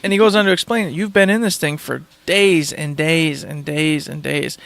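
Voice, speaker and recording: An enthusiastic man rambles through a casual podcast chat in a slightly higher voice. The sound is close and dry, with no room echo. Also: normal speed, creaky, fairly bright tone. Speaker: podcast host.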